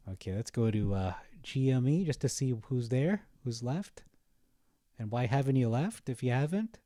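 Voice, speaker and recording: A man's voice: medium pitch, animated, normal speed, mellow, no room sound, clean studio sound. A young man giving casual, rambling commentary on his vlog while browsing, chatty and often laughing at his own jokes. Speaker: stock market vlogger.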